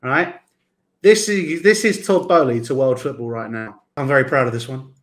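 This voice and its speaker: A man hosting a casual football talk show, excited and stumbling over his words. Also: mid-range voice, moderate pace. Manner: excited, stumbling restarts, swearing. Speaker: host.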